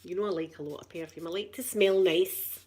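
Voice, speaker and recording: A woman's voice: fairly low pitch, steady tone, fairly quick, darkish tone, husky. A middle-aged woman with a Scottish accent chatting casually to viewers on a live stream. She repeats herself and laughs often. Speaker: channel host.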